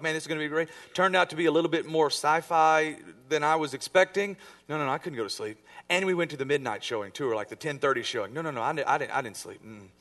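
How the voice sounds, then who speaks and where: A pastor delivering a sermon, a man with a slightly raised pitch who tells stories from his own life. He acts out what people said, jumping from hushed asides to loud outbursts. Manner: storytelling with acted-out quotes, dramatic swings in volume.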